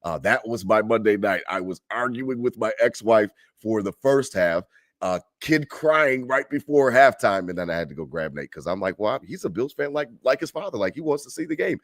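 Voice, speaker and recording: A man's voice: fairly low pitch, expressive, normal speed, dry recording, studio quality. A man co-hosting a sports podcast, telling a long story with heat and swearing, acting out both sides of an argument. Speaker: podcast co-host. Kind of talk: casual sports chat.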